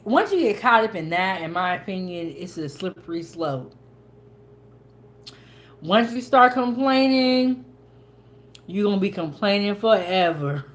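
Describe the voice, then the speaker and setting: Slow-talking chatty woman host. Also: on the low side. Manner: chatty, folksy, with dialect grammar. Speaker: cooking channel host. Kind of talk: casual chat while eating.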